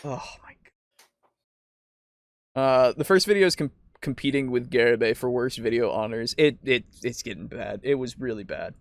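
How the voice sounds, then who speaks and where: A man co-hosting a casual podcast chat, excitable, swearing freely and laughing often. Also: medium pitch, moderate pace, gravelly, dry recording. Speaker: podcast co-host.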